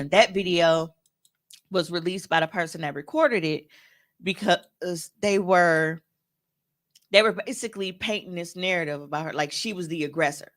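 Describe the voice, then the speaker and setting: A woman's voice: fairly low pitch, moderate pace. A woman co-hosting a podcast in casual chat, talking bluntly and heatedly and swearing freely. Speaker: podcast co-host.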